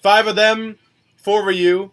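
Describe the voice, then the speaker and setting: Male game master, high voice, quick and laughing; light background noise. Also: little pitch movement, a bit bright. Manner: laughs often, quick rulings. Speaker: dungeon master. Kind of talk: narrating a tabletop game.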